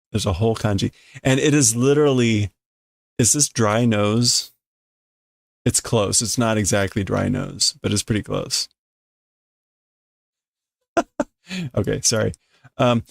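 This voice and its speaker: A man with a low, gravelly voice reads through a manga at an easy, slow pace. He sounds out Japanese phrases, then unpacks them in casual English with amused chuckles, close and dry on the mic. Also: no room sound. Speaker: live streamer translating manga. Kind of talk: casual live-stream reading and translating aloud.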